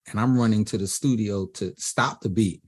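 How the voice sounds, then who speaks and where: Husky New man telling stories. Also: fairly low pitch, normal speed. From Brooklyn, New York. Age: middle-aged. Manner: animated storyteller who acts out quoted voices. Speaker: DJ and producer guest. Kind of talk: storytelling in a panel interview.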